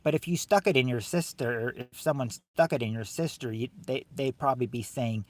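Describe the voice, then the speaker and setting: A man hosting a game show game on a livestream, joking with viewers in chat and loudly repeating the answers. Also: medium pitch, fairly quick, few pauses, no echo. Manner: jokey and teasing, calls out answers loudly and repeats them. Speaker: livestream host running a family game show game. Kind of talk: casual livestream chat, reading viewers' guesses.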